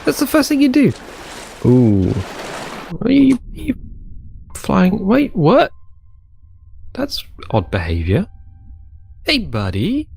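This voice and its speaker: A man's voice: high-pitched, wildly swooping pitch, slow pace, creaky, long pauses, a little mellow, slightly rough. A man casually commenting on his own gameplay, chatty and rambling, talking to himself as he goes. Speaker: gaming channel host. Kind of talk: casual let's play commentary.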